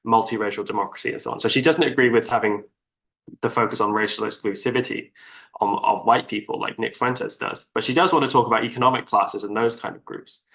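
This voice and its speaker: A man's voice: fairly low pitch, fairly bright tone. A male co-host of a casual political discussion, explaining his argument at length. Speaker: podcast co-host.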